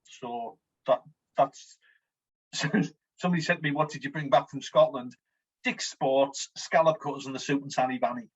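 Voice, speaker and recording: A Teesside man co-hosts a loose, comic chat, chuckling through his stories. His voice is husky. The recording sounds dull and lo-fi. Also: mid-range voice, moderate pace. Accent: Teesside (Smoggy). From Teesside, England. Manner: jokey, chuckling storyteller. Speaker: podcast co-host.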